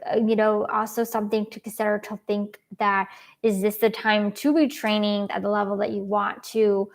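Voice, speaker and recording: A woman's voice: mid-range voice, fairly even intonation, normal speed, gravelly. A young adult woman giving casual, earnest advice as a dietitian host, with frequent ums.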